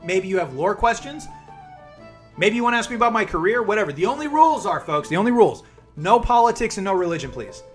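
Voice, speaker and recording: A man's voice: sits high, big pitch swings, fast, soft background music. A man in his forties, streaming live and chatting casually, upbeat and calling viewers by name.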